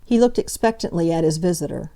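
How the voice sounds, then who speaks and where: A woman narrates a classic novel in a measured, even reading. Her voice sits low, with a mellow, dark tone. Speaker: audiobook narrator. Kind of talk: scripted narration.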